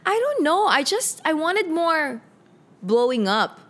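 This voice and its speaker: A woman's voice: high voice, sing-song, slow, a bit bright. A woman in casual chat about movies, playful and questioning.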